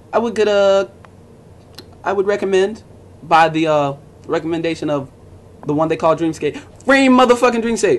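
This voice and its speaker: A young man with a high voice vlogs to camera in a casual, profane rant. He's blunt and mocking as he talks over music and forum posts.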